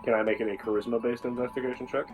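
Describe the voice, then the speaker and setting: A man's voice: mid-range voice, little pitch movement, rapid-fire, soft background music, low-quality recording. A man playing a tabletop game with friends over a call, joking and restarting his sentences. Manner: joking, stumbling restarts, swears. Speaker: player. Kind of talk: casual tabletop game chat.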